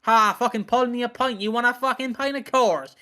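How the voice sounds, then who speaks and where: A man's voice: very high-pitched, brisk, pushed and bright, voice pushed up, heavily acted. A man impersonating a brash, foul-mouthed male soap actor with cocky barman bluster.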